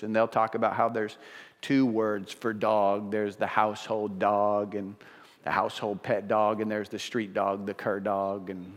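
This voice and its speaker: A man preaching a sermon as pastor, earnest and emphatic, often restarting his sentences as he builds a point. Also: on the low side. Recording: long reverb of a large hall.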